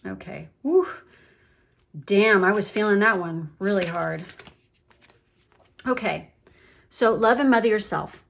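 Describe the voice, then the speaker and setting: A woman's voice: mid-range voice, lively intonation, slow pace, gravelly, pauses often, slight background noise. A woman giving a casual, emotional tarot reading, chatty with lots of fillers and the odd swear word. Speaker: tarot reader.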